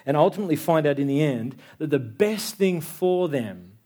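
A man's voice: on the high side, lively intonation, normal speed, mellow. Conversational man preaching a sermon. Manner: conversational, tag questions like "yeah?". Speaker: pastor. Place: church.

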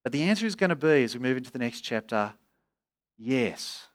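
A man's voice: medium pitch, lively intonation, a little fast. Earnest male preacher. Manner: earnest, rising with voiced pleas. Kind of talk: expository sermon.

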